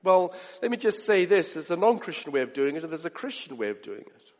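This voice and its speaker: A man preaching a sermon in an animated way, acting out the voices of people he quotes. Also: fairly high pitch, brisk. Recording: long hall reverb.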